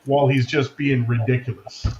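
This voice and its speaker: A man chatting casually, speaking haltingly and often restarting his words. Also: mid-range voice, level tone, a little mellow. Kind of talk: casual chat. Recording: roomy, dull, faint noise.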